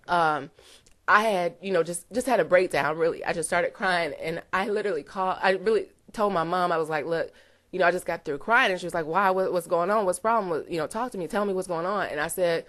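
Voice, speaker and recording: A woman's voice: on the low side, a bit bright. A woman giving an earnest, emotional testimonial to camera, close to tears, with many "you know" fillers. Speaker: network marketer giving a testimonial.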